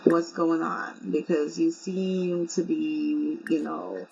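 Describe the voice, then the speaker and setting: A woman voicing a young man who calmly reassures his partner. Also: sits low, slow, creaky, slightly rough, pitched below the performer's own voice, full character voice. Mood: reassuring. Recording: slightly muffled with faint hum.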